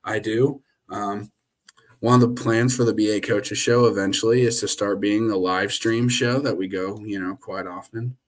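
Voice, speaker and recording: A man's voice: on the low side, fairly even intonation, moderate pace. A young man hosting a sports live stream, ranting and rambling with lots of fillers and restarts, talking straight into his camera. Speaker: sports show host. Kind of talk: casual live stream chat. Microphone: webcam.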